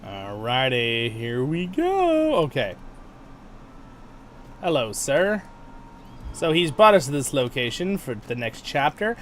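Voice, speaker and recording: A game streamer hosts a livestream, chatting casually and playfully as he plays and laughing often. His medium-pitched voice is very animated and a bit bright, with a slow pace and long pauses, and there's slight background noise.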